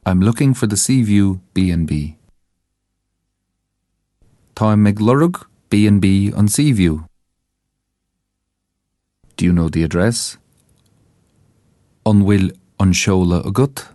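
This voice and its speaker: A man with an Irish accent narrating a scripted language lesson, saying each phrase slowly and carefully so listeners can repeat it. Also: fairly low pitch, dark tone, dry recording, clean studio sound. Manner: slow, careful enunciation for repetition. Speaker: language teacher.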